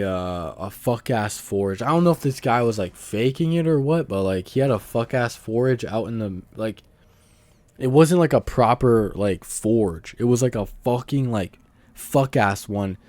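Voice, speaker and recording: A man's voice: lowish voice, a little slow, darkish tone, dry recording. Profane rambling young man vlogger. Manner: slangy and profane, rambling, laughs often. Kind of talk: casual rambling monologue. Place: outdoors near a road.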